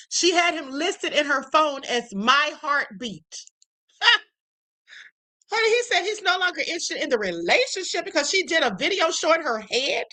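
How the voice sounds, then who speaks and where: A woman's voice: high-pitched, pushed and bright, poor audio. A woman hosting a live stream, chatting in an amused way and calling her viewers beloved and honey. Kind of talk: casual live stream commentary.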